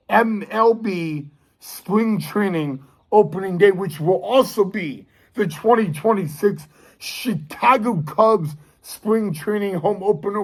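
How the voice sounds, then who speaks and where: A young man talking casually to his viewers as a fan vlogger, eager and excitable, often calling them "guys". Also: high-pitched. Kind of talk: casual direct-to-camera talk.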